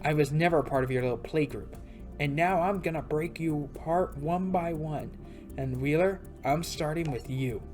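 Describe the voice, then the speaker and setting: A woman's voice: deep voice, normal speed, darkish tone, faint music behind, lightly acted. A woman playing a scornful, cutting young female duelist.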